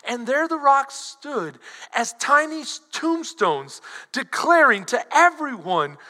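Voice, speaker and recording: High-pitched bright-voiced man preaching. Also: in a large hall. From Texas. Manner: animated preaching, swings between loud emphasis and soft asides. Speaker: pastor. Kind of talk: sermon.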